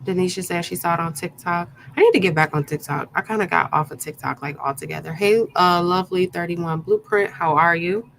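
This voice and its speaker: A woman with a lowish voice hosts a live craft stream, talking loosely and warmly to her chat and reading off viewers' names one after another. Her talk is relaxed and full of little fillers and restarts. A faint hiss of background noise sits under her voice. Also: a little fast, gravelly, hardly any pauses, low-quality recording. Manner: chatty, greets viewers by name, many fillers. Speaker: craft tutorial host.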